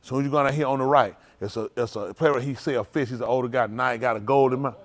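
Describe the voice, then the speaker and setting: A man, a pastor telling food stories to his livestream with laughter and excitement. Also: medium pitch, fast. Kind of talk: casual livestream storytelling.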